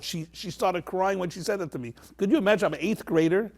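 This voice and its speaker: A man with a gravelly, husky voice tells a heartfelt story to a panel. He is animated and repeats phrases, slipping into the voices of the people he describes. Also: sits high, quick pace. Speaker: panel guest. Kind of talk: emotional personal storytelling.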